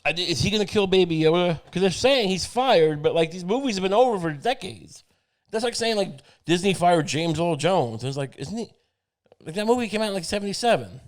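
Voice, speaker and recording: Male comic host, rambling and profane, slightly high-pitched. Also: lively intonation, brisk. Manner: rambling, meandering, profane, many fillers. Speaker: podcast host. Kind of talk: comedic monologue.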